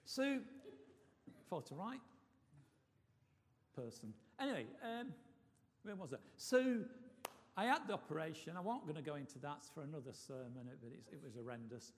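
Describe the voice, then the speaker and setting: A man's voice: fairly high pitch, sing-song, moderate pace, pauses often. A man preaching a sermon, telling a personal story in a chatty way with many restarts. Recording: long reverb of a hall.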